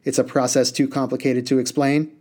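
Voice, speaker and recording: A man's voice: mid-range voice, little pitch movement, brisk, warm tone, close to an everyday voice. A man voicing a small, cross, blue-bearded male water genie who rattles off strings of stock phrases. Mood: pompous.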